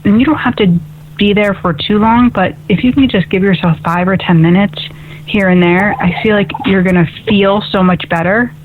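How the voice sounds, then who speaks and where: A woman's voice: mid-range voice, moderate pace, noisy background. A woman hosting a call-in spiritual radio show as an intuitive medium, talking in an upbeat, chatty way and often asking "right?". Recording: tinny phone-like radio audio.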